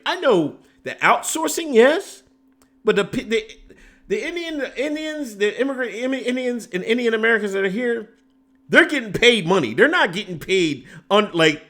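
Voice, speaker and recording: A man with a high-pitched, fairly bright voice hosts a casual political commentary stream. Emphatic and exasperated, he rambles off on tangents and keeps restarting his sentences.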